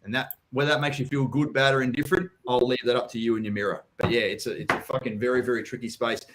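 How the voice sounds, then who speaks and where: A man's voice: mid-range voice, level tone, quick pace, a bit bright. An Australian man hosting a live property Q&A, talking bluntly and casually, swearing freely and calling people mate and buddy. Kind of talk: casual live-stream chat.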